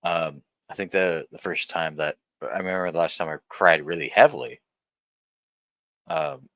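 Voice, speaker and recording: A man's voice: extremely low pitch, a bit bright, no echo. A man in his thirties talking to camera in a blunt, profane vlog rant that rambles and restarts. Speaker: vlogger. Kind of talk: candid personal vlog rant.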